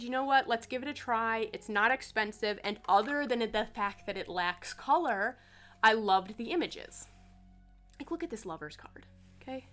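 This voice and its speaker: A woman with a bright, clear voice chats casually to her audience about her tarot decks. She talks in a loose, rambling way with plenty of "like" and "um". Soft music plays faintly underneath. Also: fairly high pitch. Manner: chatty, filler-heavy with frequent "like" and "um". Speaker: tarot content creator. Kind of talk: casual chat.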